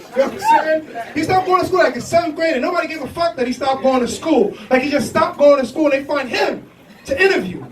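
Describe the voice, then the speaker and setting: A young man doing a loose, profane stand-up set, laughing at his own jokes. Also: very high-pitched. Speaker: stand-up comedian. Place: comedy club stage. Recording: echoey club room from a distance, audience noise. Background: crowd laughter and reactions.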